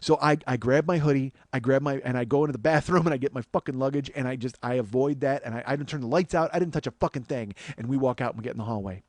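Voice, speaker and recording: A comedian in his forties tells a story straight into a close mic, and the room sounds dry. He swears freely and jumps from loud, exasperated bursts back to quieter asides. His voice sits at an ordinary middle pitch for a man. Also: quick pace, hardly any pauses, no echo. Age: 40s. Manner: animated, heavy swearing, jumps between loud outbursts and low asides. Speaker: comedian and podcast host. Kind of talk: storytelling monologue.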